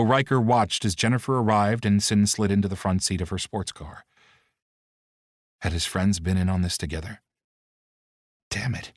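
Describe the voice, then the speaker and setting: A man giving steady, expressive scripted audiobook narration. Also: lowish voice, no room sound, studio quality.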